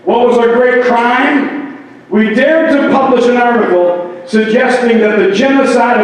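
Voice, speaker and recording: A high-voiced man preaching to a town hall crowd. He throws out rhetorical questions and quips. The sound is very echoey and picked up from far across the hall, with faint background noise. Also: measured pace. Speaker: pastor. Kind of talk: impassioned public speech. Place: town hall meeting in a large hall. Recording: echoey hall, distant mic.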